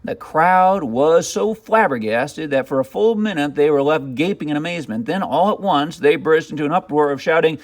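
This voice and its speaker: A man reading a children's picture book aloud as narrator, with expressive, dramatic storytelling. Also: fairly high pitch, normal speed, few pauses.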